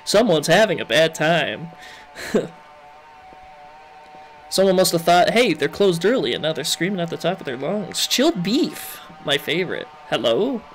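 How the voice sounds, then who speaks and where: A young man giving jokey let's-play commentary, chatting to the game's characters. His voice swings widely up and down, and he talks at an unhurried pace. Faint music plays behind him. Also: on the high side, big pitch swings. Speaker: gaming video host.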